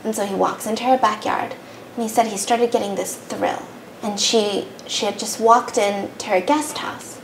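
A woman hosting a podcast, casually retelling a story in an animated way, swearing freely and acting out the characters' quotes. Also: mid-range voice, normal speed. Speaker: podcast host. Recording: roomy echo with faint noise.

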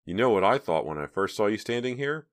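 A man's voice: fairly low pitch, animated, a little fast, pitched above the performer's own voice, natural voice. Man doing a sneering teen girl, sarcastic, raised voice, audiobook. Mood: scornful. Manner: sarcastic, scoffing. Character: scornful sneering teenage girl.

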